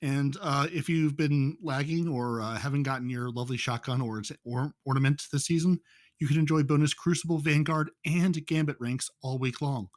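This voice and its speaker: A man's voice: a little high, normal speed. A man hosting a casual gaming podcast, joking and often repeating words as he talks. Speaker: podcast host.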